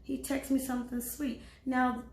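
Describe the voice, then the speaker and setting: A woman guest telling a dating story in casual chat, animated and profane, acting out her own and others' lines. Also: high voice, normal speed. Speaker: podcast guest. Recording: echoey room with faint ambient noise.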